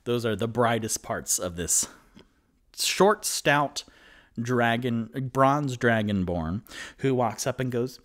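Brief: male game master, slow unhurried narration, animated pitch. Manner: slow, descriptive, with fillers. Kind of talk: solo tabletop game narration.

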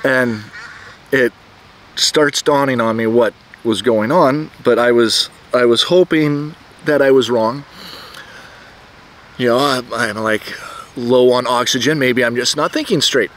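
Middle-aged man, casual self-told story, halting delivery full of restarts, mid-pitched voice, outdoors. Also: a bit bright. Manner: rambling, halting, many restarts and fillers. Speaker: vlogger telling a personal story. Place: outdoors, birds nearby.

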